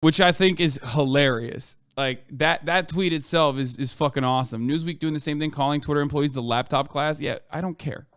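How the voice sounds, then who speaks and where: A man's voice: fairly high pitch, fairly quick, few pauses, fairly bright tone, clean tone, dry recording, studio quality. A man streaming a heated, profane and sarcastic rant reacting to the news. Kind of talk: ranting commentary.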